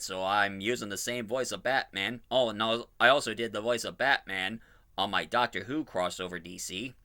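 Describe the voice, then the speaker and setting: A man's voice: lowish voice, bright, forceful tone. A man hosting his own fan audio drama channel, chatting casually and enthusiastically about casting, rambling and correcting himself as he goes. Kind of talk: casual preview talk.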